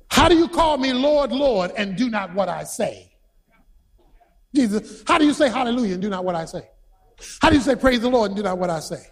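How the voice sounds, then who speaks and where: A preacher with a very high, husky man's voice delivers a lively sermon. He tells stories with energy, throws questions at the congregation and shouts to drive his points home. His pitch leaps up and down as he goes. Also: a little fast. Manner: animated storytelling, shouting for emphasis, quizzing the congregation.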